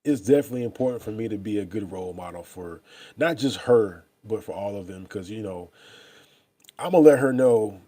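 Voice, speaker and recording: A young man speaks in a low, mellow voice. He rambles loosely and swears freely, talking straight to his viewers. It sounds like a casual live stream picked up by a laptop mic. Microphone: laptop or phone mic.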